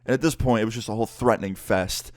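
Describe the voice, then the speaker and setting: A young man telling a story in a casual, profane and animated vlog style. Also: lowish voice, fast, no room sound, clean studio sound. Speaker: vlogger and musician.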